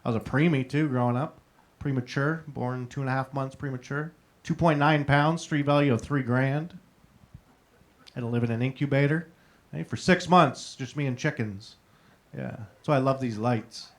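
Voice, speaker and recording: A young man works through a stand-up comedy set, spinning stories with punchy asides. He tags his jokes with a quick "right?" and chats with the audience between bits. His pitch sits in the ordinary middle for a man. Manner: storytelling with punchy asides and crowd banter. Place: live comedy showroom.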